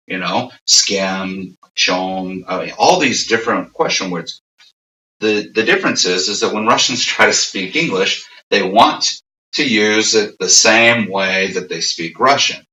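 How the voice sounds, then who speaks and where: A middle-aged man, giving casual, animated advice about learning English and acting out little exchanges as he talks. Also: fairly low pitch, recorded from a distance. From United States. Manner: animated, acts out quoted exchanges. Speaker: English teacher guest. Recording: echoey room, voice off-mic.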